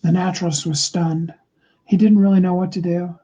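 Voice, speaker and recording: Husky, mellow man telling a story. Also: sits high, level tone, poor audio. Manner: slow and deliberate, with many fillers and restarts. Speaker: motivational speaker. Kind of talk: motivational storytelling talk.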